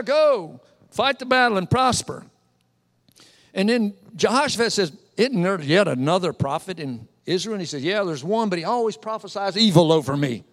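A man preaching a sermon in a church, retelling a Bible story with lively storytelling and voicing its characters. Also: sits high. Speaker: pastor. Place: church sanctuary. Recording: long reverb of a hall.

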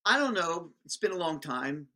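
A man recounting an anecdote with lively, self-mocking energy, acting out each exchange. His pitch swings widely and his tone stays bright and forceful throughout. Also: moderate pace. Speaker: guest speaker. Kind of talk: animated storytelling.

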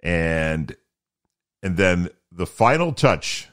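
Low-voiced chatty man, rambling podcast host. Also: expressive, slow pace, long pauses. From Canada. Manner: chatty, rambling, self-deprecating. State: morning voice, slightly deeper. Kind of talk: casual solo podcast chat.

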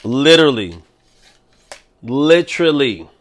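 A young man hosting a solo podcast, ranting in a profane, animated way. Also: mid-range voice, slow pace, slight background noise. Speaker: podcast host.

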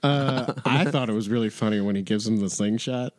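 A man's voice: fairly low pitch, a little mellow, no room sound, studio quality. A man co-hosting a podcast, chatting casually about a movie, teasing his co-host and laughing often. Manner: joking, laughs often, quick teasing questions. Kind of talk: casual movie-review chat.

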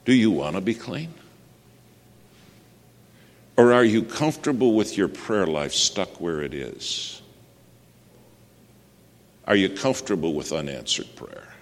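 Very deep-voiced man preaching in a hall. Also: animated, slow pace, pauses often. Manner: storytelling, earnest, asks the audience questions. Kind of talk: sermon. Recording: long hall reverb.

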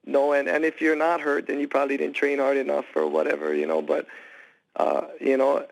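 A man from Hawaii speaking as a guest on a phone interview, talking haltingly with many restarts and fillers. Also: medium pitch, creaky, no echo, low-quality recording. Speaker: guest fighter.

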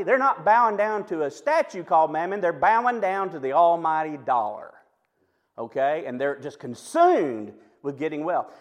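A man in his fifties preaching a sermon, lively and chatty, with personal stories and quick asides to the congregation. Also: high voice. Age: 50s. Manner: animated, storytelling preacher with asides and quick jokes. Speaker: pastor.

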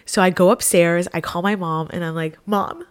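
A woman's voice: fairly low pitch, fairly quick, smooth. Chatty young-sounding woman telling a story. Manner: chatty, fillers of "like", animated retelling. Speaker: vlogger. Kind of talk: casual storytelling.

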